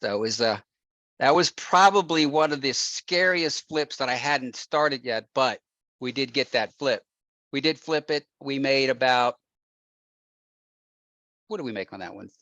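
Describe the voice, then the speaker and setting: A man, a real estate investor as guest, telling an animated anecdote with frequent laughs and acted-out quotes. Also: medium pitch, measured pace, pauses often, no room sound, dull audio. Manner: laughs often, acts out quotes.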